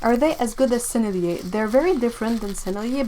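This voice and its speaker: A woman hosting a live-streamed art supply unboxing, excitable and chatty, talking to her viewers as she goes. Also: on the high side, fast talker, noisy background. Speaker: art channel host.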